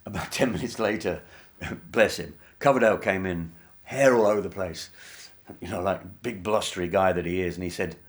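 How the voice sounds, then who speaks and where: Very low-voiced man from England, wry measured anecdotes for an interview. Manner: wry, measured, with many fillers. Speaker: interviewee, band member.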